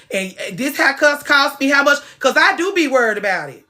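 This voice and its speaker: Bright-voiced woman ranting. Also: sits high, lively intonation, fairly quick, hardly any pauses. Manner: emphatic, profane ranting. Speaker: podcast host. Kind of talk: casual chat.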